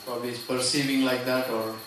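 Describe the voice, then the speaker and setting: A man's voice: mid-range voice, level tone, fast. A man asking a hesitant question at a seminar, with many fillers. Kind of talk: spoken question from the floor. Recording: echoey hall, mic far off, noisy.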